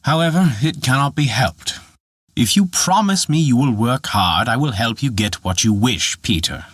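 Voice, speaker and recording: A man's voice: mid-range voice, animated, moderate pace, fairly bright tone, breathy edge, dry recording. A man voicing a tiny old forest dwarf made of glass who lectures and scolds in an exasperated way. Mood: scolding.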